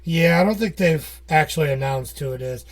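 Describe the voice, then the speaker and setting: Chatty podcast guy, a bit high. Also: brisk. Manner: rambling, joking, laughs often. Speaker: podcast co-host. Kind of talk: casual chat.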